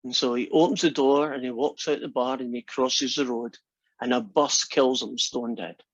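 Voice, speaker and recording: A man's voice: mid-range voice, steady tone, moderate pace, no echo. Guy teaching a math class, jokey and chatty, muffled lo-fi classroom recording. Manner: chatty and joking, talks through steps conversationally. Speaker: math instructor. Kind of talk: casual classroom lecture. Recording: dry, dull lo-fi lecture recording.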